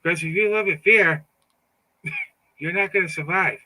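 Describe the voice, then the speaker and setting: Fired-up man with a bright, forceful voice. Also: sits high, a little slow, low-quality recording. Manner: fired-up, repeats words, taunting. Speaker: political commentator. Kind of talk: casual monologue.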